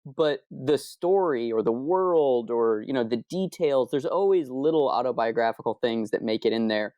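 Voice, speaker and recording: A man's voice: medium pitch, lively intonation, normal speed, warm tone, no echo, clean studio sound. A man from Arizona, a comic book co-creator, chatting loosely in an interview, rambling and correcting himself. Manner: rambling, self-correcting, candid. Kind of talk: casual interview chat.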